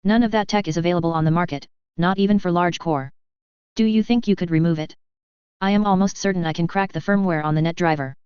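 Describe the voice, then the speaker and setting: A woman with a lowish, very clean voice reads a first-person story at a steady, even pace. The recording is dull and lo-fi, and it sounds dry and close. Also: quick pace, clean tone, no room sound. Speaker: audiobook narrator. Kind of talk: first-person fiction narration.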